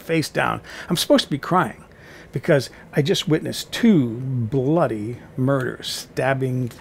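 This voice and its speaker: A man vlogging from his home kitchen, telling a college theater anecdote in an animated, theatrical way. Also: medium pitch, vocal fry, slight background noise. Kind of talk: casual storytelling to camera. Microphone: camera on a tripod.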